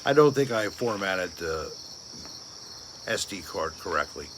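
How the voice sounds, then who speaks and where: A man's voice: low-pitched, sing-song, unhurried, background noise. A man hosting a casual late-night livestream, rambling and answering viewer comments aloud. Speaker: livestream host reading viewer chat.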